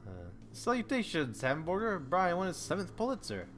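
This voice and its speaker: A man's voice: sits high, huge pitch swings, moderate pace, a bit bright, a little hiss or hum, pitched above the performer's own voice, exaggerated voice. A man voicing a flamboyant, chatty male pigeon student from a dating game, speaking in a raised, theatrical voice that drops in French words.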